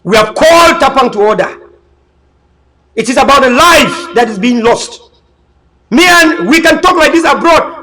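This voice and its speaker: This rough recording captures a man with an extremely high, sharp voice giving a fervent political talk. The political commentator preaches emphatically, says the same things again and again, and keeps tripping over his words and restarting with a stammer.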